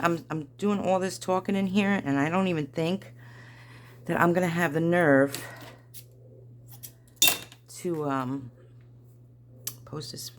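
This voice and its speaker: A woman's voice: sits low, a little hiss or hum. A woman, chatting to herself and viewers while she makes a craft at home, in a chatty, self-deprecating way. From New Jersey. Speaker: craft vlogger. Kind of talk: casual craft-along chat.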